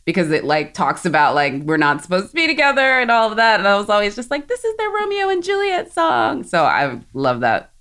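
A woman from South Texas co-hosting a casual podcast chat, talkative and quick to laugh. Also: deep voice, a bit bright. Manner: chatty, laughs often, quick asides. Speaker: podcast co-host.

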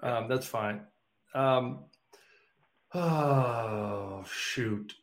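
A man hosting a casual interview, laughing easily and filling pauses with ums. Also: medium pitch, vocal fry. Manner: laughs easily, hesitant with fillers. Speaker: podcast host.

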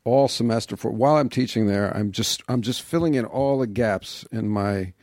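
A man's voice: on the low side, normal speed, darkish tone, no echo. A man as a podcast guest, talking in a reflective, self-deprecating, wry way in casual interview chat on a close mic.

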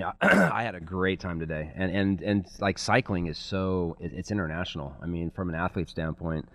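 A man guest in a casual chat, speaking in a halting way with many restarts. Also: sits low. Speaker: guest, racing team owner. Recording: dull lo-fi sound.

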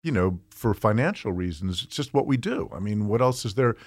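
A middle-aged man with a New Jersey accent, quick and lively as he spins stories in conversation. His voice sits on the low side, caught on a close, dry mic with no room sound. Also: dry recording. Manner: fast-talking, animated storyteller. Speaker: guest author. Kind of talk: casual chat.

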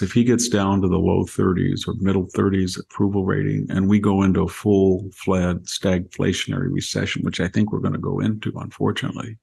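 An older man hosting a political talk show, explaining at length in a casual, rambling way. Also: low voice. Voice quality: gravelly. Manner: long rambling explanations with animated quoted voices. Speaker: podcast host, commentator.

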